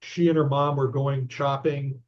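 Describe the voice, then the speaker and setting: A man's voice: medium pitch, measured pace. An older man, an author and investigator, telling a story conversationally as an interview guest. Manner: animated anecdote-telling, recounting dialogue. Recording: dull lo-fi audio.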